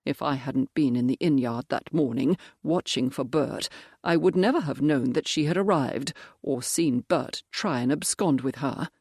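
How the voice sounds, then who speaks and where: A grim, steady gentleman presses his questions without letting up, as the narrator reads him. The delivery stays controlled and firm. The sound is close and dry. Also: medium pitch, moderate pace, husky, dry recording. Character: grim, determined male baronet and major.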